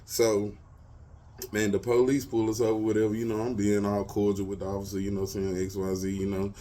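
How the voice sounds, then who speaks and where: A man's voice: fairly low pitch, completely flat delivery, fairly quick, mellow, slight background noise. A man, hosting his show and telling personal stories in loose, slangy, casual talk. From Texas, US. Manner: loose slangy talk, lots of "you feel me". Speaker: show host.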